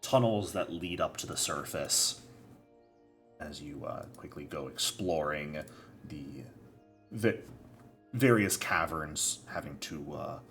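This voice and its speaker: A man's voice: rumbling low, slow pace, fairly bright tone, faint music behind. A man running a tabletop game as game master, narrating in a laid-back way and teasing his players.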